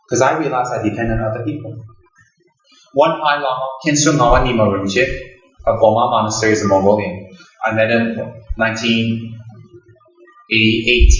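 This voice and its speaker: A man's voice: mid-range voice, far from the mic. A man in his fifties, a Buddhist lama, giving a dharma teaching in an anecdotal, emphatic way, repeating phrases for stress. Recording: roomy, slightly dull recording.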